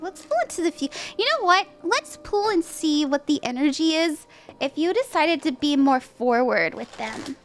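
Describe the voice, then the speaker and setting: Woman, high voice, tarot reader on a livestream, casual and chatty, laughs often, faint music behind. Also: lively intonation, normal speed. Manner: chatty, upbeat, full of "like" and "you know", laughs often. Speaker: tarot reader and stream host.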